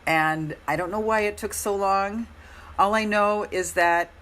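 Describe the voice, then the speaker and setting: A middle-aged woman hosting a live coaching stream, speaking in a gentle, encouraging way with a hoarse voice and often repeating her phrases. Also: mid-range voice, measured pace, a little hiss or hum.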